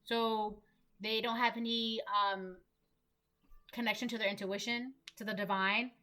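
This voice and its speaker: A woman's voice: on the high side, steady tone, a little slow, sharp tone. A young woman giving a casual collective tarot reading, emphatic and repetitive, full of "like". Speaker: tarot reader.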